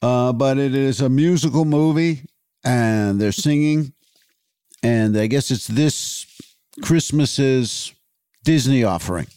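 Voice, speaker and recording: A man co-hosting a comedy podcast, deadpan with quick jokes. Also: mid-range voice, clean tone, dry recording, clean studio sound. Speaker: podcast co-host. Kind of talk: casual podcast banter.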